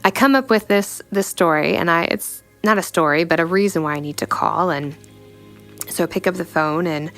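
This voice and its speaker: A young woman giving a personal faith testimony in a reflective, halting way, full of "you know" fillers. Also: fairly low pitch, a bit bright, faint music behind. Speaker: storyteller sharing a personal testimony.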